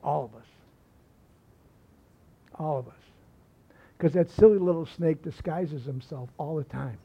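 A man's voice: on the high side, unhurried, creaky, dark tone, husky. A male pastor preaching a sermon, telling stories in a folksy way with repeated phrases and asides. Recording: slightly muffled recording.

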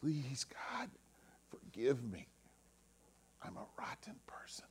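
A man voicing a humble, ashamed tax collector who pleads for mercy in a hushed whisper. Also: medium pitch, fairly even intonation, measured pace, clean tone, natural voice. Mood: pleading whisper.

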